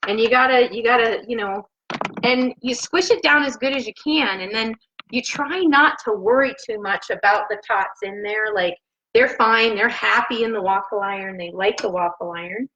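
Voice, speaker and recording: Woman host, chatty and rambling, laughs a lot, slightly high voice, lo-fi laptop mic sound. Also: moderate pace, sharp tone. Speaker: home cooking show host. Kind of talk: casual live cooking chat. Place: home kitchen.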